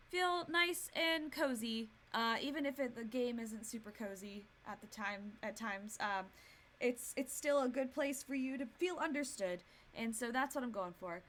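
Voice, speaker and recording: A woman's voice: fairly high pitch, fairly bright tone. A woman in her twenties streaming a video game, chatting casually and rambling with lots of fillers. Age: 20s. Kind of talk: casual gameplay commentary.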